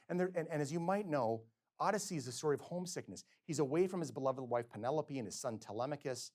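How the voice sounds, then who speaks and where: A middle-aged male physician giving a lecture, telling stories and acting out quotes with sudden swings between loud and soft. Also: on the high side, expressive, quick pace, hardly any pauses. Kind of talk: lecture with storytelling. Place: lecture hall.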